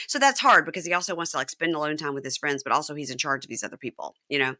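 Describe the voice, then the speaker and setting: A woman in her thirties recaps a reality show in easy, chatty podcast talk, jumping into animated voices whenever she quotes someone. Her voice sits a bit low yet sounds very bright and forward, recorded close and dry with no room around it. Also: fast, hardly any pauses, no room sound. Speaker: podcast host. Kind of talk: casual recap chat.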